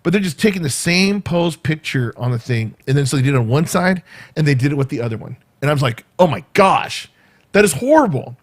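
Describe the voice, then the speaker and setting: A man's voice: a little high, fast. Man telling a rambling story. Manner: rambling, animated retelling with quoted asides. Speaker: vlogger. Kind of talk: casual storytelling vlog.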